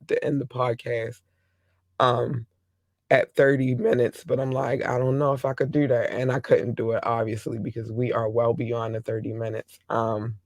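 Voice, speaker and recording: Hoarse middle-aged male podcast host, gravelly voice, rambling and affectionate, dry close sound. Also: mid-range voice, no room sound. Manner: rambling, affectionate shout-outs to listeners. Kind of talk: casual solo podcast monologue.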